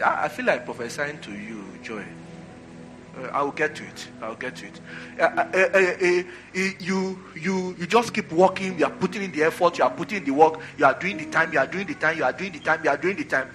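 Bright-voiced preacher with faint music. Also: male voice, a little high. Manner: call-and-response preaching, repeats phrases for emphasis. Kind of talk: sermon.

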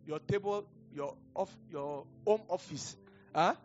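A middle-aged man with a Nigerian accent and a high voice preaches a little slowly as a pastor. He rambles in a chatty way, sidetracking into stories with chuckles, and the recording has a dull lo-fi quality with faint music.

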